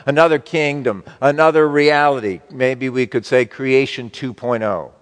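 Man preaching in a reverberant sanctuary. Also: a little high. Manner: slow, emphatic preaching with wide swings in loudness. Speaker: pastor. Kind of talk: sermon.

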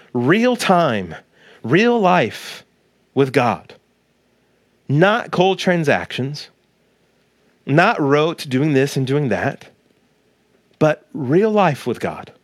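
A man in his thirties, a pastor preaching a sermon to listeners at home, animated and acting out the quoted voices. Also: dry recording, clean studio sound. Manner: animated, acts out quoted voices with big pitch jumps; direct address to listeners at home.

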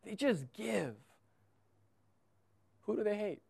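A man's voice: sits high, very animated, slow pace, vocal fry, darkish tone, husky. A man in his thirties preaching a sermon as pastor, earnest, often repeating a word as he presses a point. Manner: earnest, repeats words when stressing a point.

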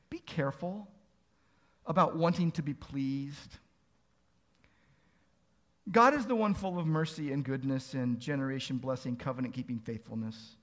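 A man preaching a sermon as pastor, earnest, asking pleading rhetorical questions and building to emphatic peaks. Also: on the high side.

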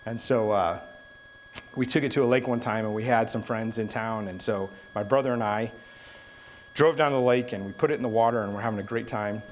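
A man's voice: on the low side, steady tone, brisk, slight background noise, rough recording. A young adult man giving a sermon, telling a story in a casual way and then turning it into an earnest exhortation. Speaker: preacher.

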